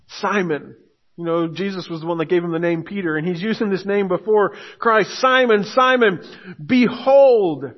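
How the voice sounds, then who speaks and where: High-voiced man preaching. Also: highs cut off. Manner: earnest preaching, rising to emphatic urgency. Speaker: pastor. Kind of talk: sermon.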